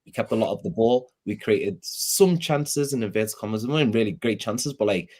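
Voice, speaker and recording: A man's voice: on the low side, lively intonation, normal speed, darkish tone. A man with a Scouse accent in a casual football fan chat, rambling, rueful and self-deprecating.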